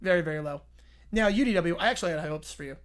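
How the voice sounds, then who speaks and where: A man's voice: high-pitched, racing, pitched below the performer's own voice, close to an everyday voice. A man voicing a boastful older billionaire boss who repeats short, scornful insults.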